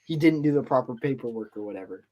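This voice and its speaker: A man's voice: medium pitch, animated, quick pace, highs cut off, crowd noise. A man hosting a podcast, retelling a story in a loose, rambling way with lots of fillers. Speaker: podcast host. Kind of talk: casual storytelling chat.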